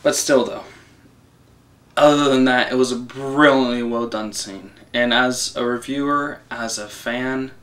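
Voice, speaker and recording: A man's voice: mid-range voice, unhurried. Young guy gushing and ranting about a movie, swears a lot, mic a bit far off. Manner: excitable and rambling, with swearing and laughs. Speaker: film reviewer. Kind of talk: casual spoken film review.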